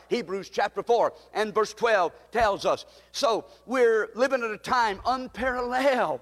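An older man, preaching a sermon, swinging from loud high calls down to low hushed lines as he quotes scripture. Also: long reverb tail.

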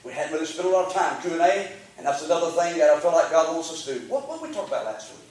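A man preaching a sermon as pastor, fervent and call-and-response, rising to shouts. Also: on the high side, expressive, rapid-fire. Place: church sanctuary. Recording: very echoey church, mic at a distance.

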